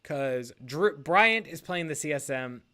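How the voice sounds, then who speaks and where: A man's voice: on the high side, lively intonation, measured pace, sharp tone. Upbeat man rambling in a podcast. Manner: rambling, self-correcting, laughs often. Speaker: league podcast co-host. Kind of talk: casual podcast chat.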